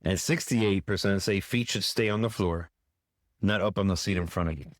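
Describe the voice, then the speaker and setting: A man co-hosting a podcast in relaxed casual chat, reading out survey figures conversationally. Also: sits low, normal speed, dry recording, studio quality. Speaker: podcast co-host.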